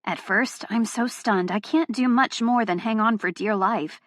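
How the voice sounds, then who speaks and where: A woman's voice: mid-range voice, measured pace, no echo. Woman narrating an audiobook in a dry booth. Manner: emotionally charged, heated reading. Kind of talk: first-person audiobook narration.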